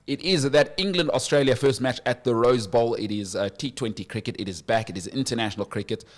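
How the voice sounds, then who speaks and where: Chatty sports radio host, a man. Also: mid-range voice. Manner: animated, banter-driven, quick asides. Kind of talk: casual sports talk radio.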